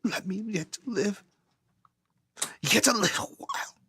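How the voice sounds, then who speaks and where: A man playing a faint, ailing young nobleman in a stage play, pleading in a slow, breathy half-whisper. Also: high-pitched, animated, pushed and bright, slight background noise, full character voice.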